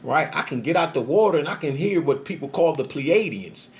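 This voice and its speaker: An animated man streaming a rambling personal monologue, swearing freely and stressing his points. His voice sits a little higher than most men's and leaps up whenever he acts out what others told him. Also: brisk. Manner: profane, emphatic, animated storytelling with frequent 'right?'; acts out voices in quotes, pitch jumping up. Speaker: social media livestreamer.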